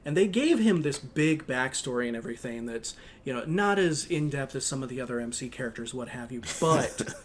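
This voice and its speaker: A man's voice: mid-range voice, animated, a little fast, a little hiss or hum. A man co-hosting a podcast in casual chat, rambling with many fillers and restarts. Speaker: podcast co-host.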